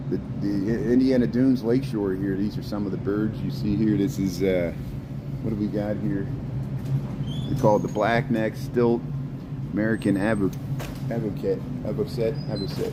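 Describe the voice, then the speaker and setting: A man's voice: lowish voice, very noisy. A man narrating a casual walking tour inside a zoo birdhouse, chatting to the birds and often repeating and trailing off his words. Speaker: vlogger.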